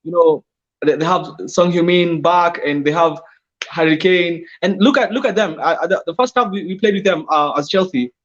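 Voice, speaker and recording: A man talking as a fantasy football pundit, excitable and often repeating words as he argues his point. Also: sits high, normal speed, muffled recording. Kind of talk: casual panel chat.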